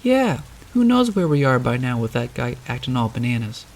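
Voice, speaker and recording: A man's voice: medium pitch, very animated, moderate pace. A man voicing a sassy, quarrelsome talking bluebird girl with a bossy, snippy manner. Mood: snippy, nervous.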